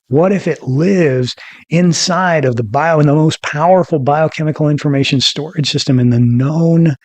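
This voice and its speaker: A man hosting an informal teaching talk in a folksy way, often repeating himself and asking his listeners rhetorical questions. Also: a little high. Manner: repeats phrases for emphasis. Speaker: podcast host.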